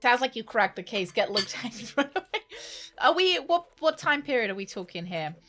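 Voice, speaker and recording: A woman's voice: on the high side, sing-song, a little fast, a bit bright, faint music behind. A woman chatting through a livestream game, laughing often and rambling in jokey asides. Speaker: streamer. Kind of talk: gaming livestream commentary.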